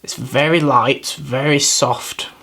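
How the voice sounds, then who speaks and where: A man at an ordinary middle pitch reviews fragrances in a relaxed, unscripted way. He pauses, restarts and repeats words while working out what he smells, and he is often apologetic about himself. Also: vocal fry, slightly rough. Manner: thoughtful, hesitant, self-deprecating, repeats words while searching. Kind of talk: casual product review.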